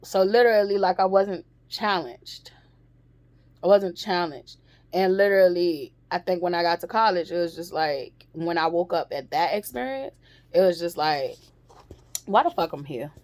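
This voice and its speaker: A woman's voice: fairly low pitch, normal speed, a little mellow, no room sound. Profane, candid woman telling a story. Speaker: vlogger. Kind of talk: casual storytime monologue.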